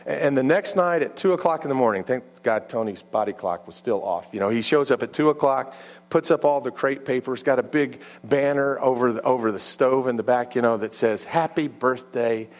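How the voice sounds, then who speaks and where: Telling a story from the pulpit, a male preacher starts haltingly and repeats words, his voice often falling low and quiet.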